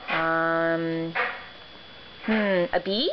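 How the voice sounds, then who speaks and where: A woman coaxing a toddler in a slow, sing-song, encouraging way, recorded on a muffled home video with background noise. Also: medium pitch, expressive.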